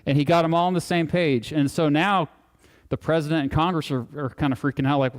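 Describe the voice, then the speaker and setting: A man talks to a live audience in a hall, and his voice rings out with a long reverb. His tone is smooth and resonant and sits a little high for a man. His delivery is casual and animated, full of jokes and asides. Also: fairly quick. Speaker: guest speaker. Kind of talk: live public lecture.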